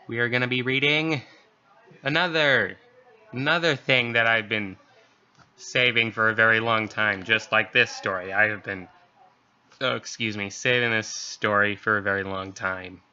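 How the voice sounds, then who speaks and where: A man's voice: lowish voice, steady tone, moderate pace, bright, forceful tone, clean tone. A man hosting a channel and reading a creepy story, then chatting casually with fillers. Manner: rambling, filler-heavy chatter. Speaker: story reader, channel host. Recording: dull lo-fi recording.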